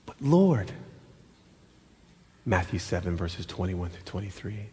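A man's voice: a little slow, pauses often. A middle-aged man preaching a sermon as pastor, telling stories and acting out quotes in shifting voices. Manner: animated, acts out quotes in high and low voices. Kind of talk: sermon with storytelling. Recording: long hall reverb.

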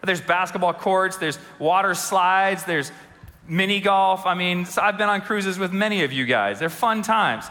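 A man preaching in a church sanctuary, his high, bright voice ringing out with a long reverb behind it. He tells funny stories and keeps turning to the congregation with questions. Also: a little slow. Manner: storytelling with humor and audience questions. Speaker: pastor. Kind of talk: sermon.

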